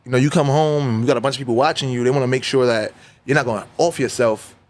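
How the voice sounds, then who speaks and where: Animated New man telling stories. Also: medium pitch, quick pace. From New York. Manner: animated storyteller who acts out dialogue. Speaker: rapper guest. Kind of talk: casual interview storytelling.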